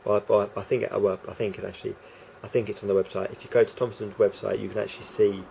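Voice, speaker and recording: A man's voice: lowish voice, little pitch movement, quick pace, vocal fry, mellow, a little hiss or hum. A man rambling through a casual vlog monologue, hesitant and full of restarts and fillers. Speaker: vlogger.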